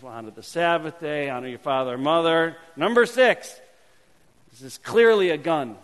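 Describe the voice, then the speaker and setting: Playful pastor in a reverberant church. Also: male voice, fairly high pitch, normal speed. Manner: playful, animated, drops to quiet asides. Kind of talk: sermon introduction teaching a hand-gesture memory game. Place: church sanctuary. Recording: long hall reverb.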